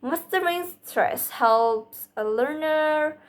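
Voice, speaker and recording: A young woman speaks, giving a student presentation on phonetics. She reads at a very slow, deliberate pace, in a slightly high voice, and often trips and restarts her words with small fillers. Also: expressive.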